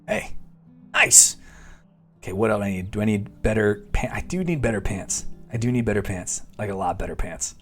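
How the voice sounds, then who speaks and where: A man's voice: lowish voice, a little fast, a little mellow, soft background music. A man giving casual, playful gameplay commentary, with apologetic, laughing asides. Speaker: let's play host.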